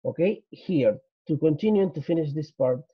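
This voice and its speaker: A man with a Spanish accent teaching an English grammar lesson, explaining slowly, repeating points and switching into Spanish for his students. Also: a little high, lively intonation, slightly rough, no room sound. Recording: dull lo-fi.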